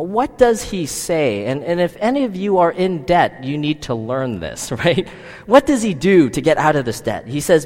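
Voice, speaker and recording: A man preaches a sermon in a high, bright voice that swings up and down. He keeps asking the listeners rhetorical questions. His voice rings out with a long echo in a hall. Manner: lively, asks the listeners many rhetorical questions. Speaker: pastor.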